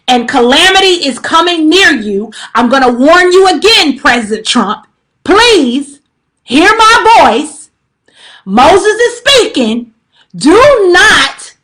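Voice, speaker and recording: A woman's voice: high voice, pushed and bright. A woman on a live stream delivering an emphatic spiritual plea, preachy and repetitive, with casual slang and many fillers. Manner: preachy, emphatic, repeats pleas and warnings; casual slang-laced talk with frequent fillers. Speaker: livestreamer giving a spiritual message. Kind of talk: impassioned direct-address livestream plea. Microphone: phone on a live stream.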